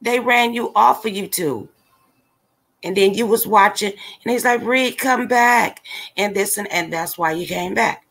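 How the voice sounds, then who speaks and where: A woman's voice: medium pitch, moderate pace, creaky, a bit bright. A woman hosting a casual livestream, ranting bluntly and with exasperation straight to her viewers. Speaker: livestream commentator.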